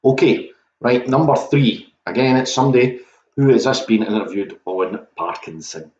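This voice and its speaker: A man's voice: medium pitch, moderate pace, a little mellow, echoey room, lo-fi sound. A man hosting an online pub quiz, chatty and self-mocking, talking straight to the viewers.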